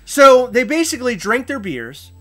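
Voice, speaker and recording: High-voiced, bright man telling a story. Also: normal speed, soft background music. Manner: animated, loud outbursts while retelling a story. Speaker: podcast host. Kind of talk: casual storytelling chat.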